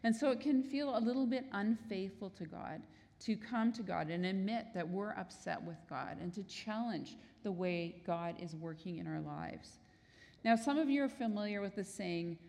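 Woman pastor giving an earnest teaching sermon, medium pitch, echoing church hall. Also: animated, normal speed. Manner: earnest, explanatory, acts out quoted prayers. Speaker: preacher.

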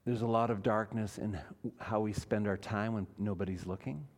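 A man's voice: fairly low pitch, fairly even intonation, normal speed, a little mellow. A man, a pastor, preaching a sermon in church, earnest and emphatic, asking his listeners questions.

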